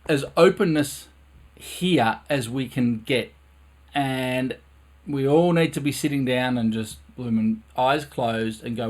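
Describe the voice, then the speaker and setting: Male brass teacher, mid-pitched, earnest, repeats himself to drive the point home; live stream from his studio. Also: expressive, slow. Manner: earnest, repeats phrases for emphasis. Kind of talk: live-streamed music lesson. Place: his own recording studio.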